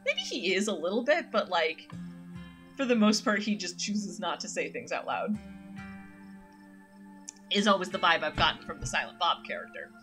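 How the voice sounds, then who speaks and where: Woman streamer reading a horror game out loud, bright and animated, faint music behind. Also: lowish voice, normal speed, long pauses. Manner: chatty, lively, reads text aloud. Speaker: streamer playing a horror visual novel. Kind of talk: casual game narration.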